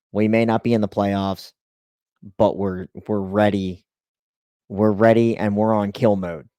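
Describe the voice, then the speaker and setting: Lively low-voiced man telling a story. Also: no room sound, clean studio sound. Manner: animated, acts out quotes, lots of "like" and "you know". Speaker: race team spotter. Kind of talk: casual storytelling.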